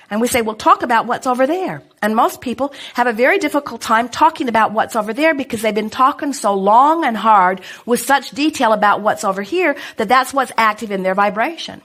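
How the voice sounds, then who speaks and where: Brief: middle-aged woman, measured spiritual teacher, calm and emphatic, mid-pitched voice. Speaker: inspirational speaker answering audience questions. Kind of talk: channeled spiritual teaching talk.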